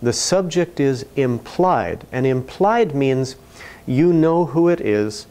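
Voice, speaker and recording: Slow, deliberate male teaching narrator. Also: medium pitch, lively intonation, mellow. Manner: slow, clear, deliberate explanations. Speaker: ESL video narrator.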